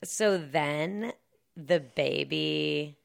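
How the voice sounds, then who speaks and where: This woman has a deep voice with drawn-out words and vocal fry. As a podcast co-host, she recaps a film's plot in a chatty, sarcastic way, loaded with fillers and asides.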